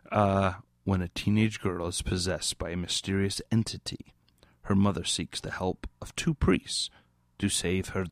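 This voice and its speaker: A tipsy male podcast host with a deep, gravelly voice rambles casually between tracks. He is giggly and loose, and he keeps slipping into mock British slang. The sound is close and dry. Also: dry recording. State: drunk.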